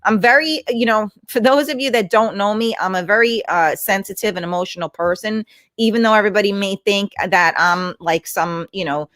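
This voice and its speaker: A woman's voice: medium pitch, a little fast, no echo. Woman host, casual livestream chat, blunt and chatty, dry close sound. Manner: blunt, chatty, swears freely; warm greetings to viewers by name.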